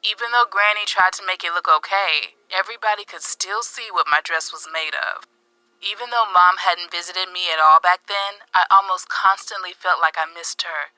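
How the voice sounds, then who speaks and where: A narrator voicing a woman recalling her childhood in first person, told in an earnest, even storytelling read. The tone is strikingly bright and sharp. The studio sound is bone-dry. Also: medium pitch, moderate pace, smooth, no room sound, rough recording.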